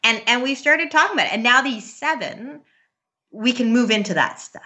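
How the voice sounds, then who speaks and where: A woman in her thirties in casual conversation about parenting, earnest and quick to laugh, with many restarts. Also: fairly high pitch, lively intonation, sharp tone. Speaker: parent guest. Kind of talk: casual podcast chat.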